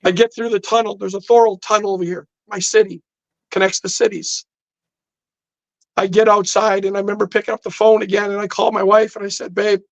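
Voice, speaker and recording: A man's voice: sits high, flat delivery, fairly quick, gravelly, no room sound, poor audio. A man on a podcast telling a personal story intensely, acting out the dialogue as he goes. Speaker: podcast guest. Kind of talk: storytelling in casual chat. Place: podcast studio.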